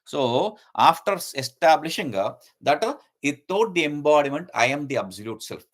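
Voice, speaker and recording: A man's voice: on the high side, big pitch swings, normal speed. A man teaching a lesson and commenting on a scripture verse by verse, explaining at length with frequent fillers and repeated key terms.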